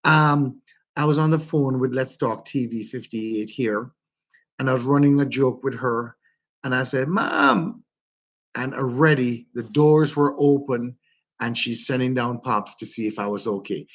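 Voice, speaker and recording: Jamaican male livestream host, mid-pitched, heartfelt chat, slightly muffled lo-fi audio. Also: fairly even intonation, normal speed. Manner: heartfelt, greets chat viewers by name.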